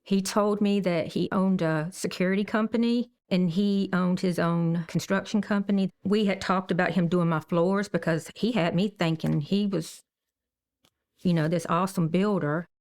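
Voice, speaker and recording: A woman's voice: lowish voice, fairly even intonation, moderate pace, darkish tone. Woman aunt recounting events emotionally. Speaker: interviewee, victim's aunt. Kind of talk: interview testimony.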